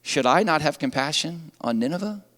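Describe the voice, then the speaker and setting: A preacher voicing God, patient and reasoning. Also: male voice, a little high, animated, moderate pace. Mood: earnest. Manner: gently reasoning, earnest questions. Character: patient questioning God speaking to a sulking prophet. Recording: long church reverb.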